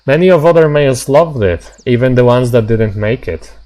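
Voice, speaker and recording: Man voicing a possessive female mantis, pleading and insistent, mid-pitched, for a chat story game. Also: animated, normal speed, mellow, natural voice, rough recording. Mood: coaxing.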